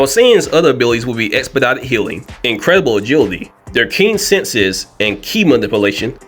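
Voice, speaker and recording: Male commentator, quick and lively, jokey casual delivery. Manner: animated, joking, swings up in pitch for emphasis. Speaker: video commentator.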